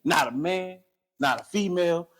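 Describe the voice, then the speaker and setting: A man talking in an animated, heated way during a casual podcast chat. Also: a little high, moderate pace. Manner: animated, heated when arguing.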